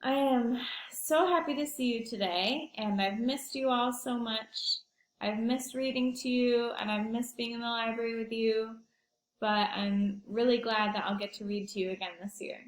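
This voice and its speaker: A woman school librarian speaking slowly and cheerfully to young children from her home, introducing a read-aloud. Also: fairly high pitch, level tone, roomy sound. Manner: slow, cheerful, talking to small children.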